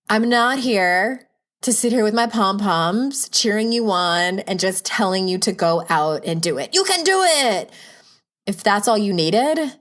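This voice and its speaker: A woman hosting a solo self-help podcast, talking frankly and playfully, coaching listeners with humorous asides. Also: mid-range voice. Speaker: podcast host.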